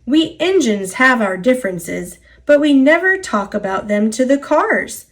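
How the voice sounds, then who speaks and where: A woman's voice: high voice, sing-song, unhurried. A woman with an American accent voicing a proud, dismissive male engine. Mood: indignant.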